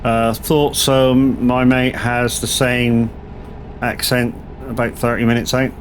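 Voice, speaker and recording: A man's voice: mid-range voice, takes it slowly, a little hiss or hum. A man from Southwest England with a West Country accent, chatting casually on a game stream and answering viewers. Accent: West Country English. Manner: relaxed, reads chat aloud and answers. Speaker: gaming streamer. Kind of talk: casual live-stream chat.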